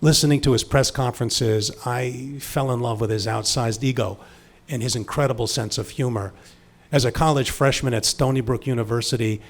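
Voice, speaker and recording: A man in his sixties from Long Island telling a personal story in a wry, intimate manner, moving from hushed lines to emphatic ones. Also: medium pitch. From Long Island, New York.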